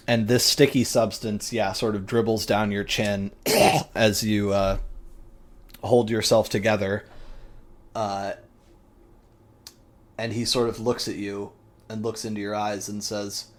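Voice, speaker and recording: A man runs a tabletop game, narrating in a relaxed, profane, vivid way. His voice sits low and he takes his time. He fills the pauses with ums and uhs. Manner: casual, vivid and profane, with many fillers. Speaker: game master.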